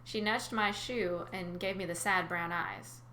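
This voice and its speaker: A woman's voice: on the low side, steady tone, unhurried, sharp tone, slight background noise. A woman reading a first-person adventure story aloud, with chatty asides to her listeners. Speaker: narrator. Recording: roomy recording.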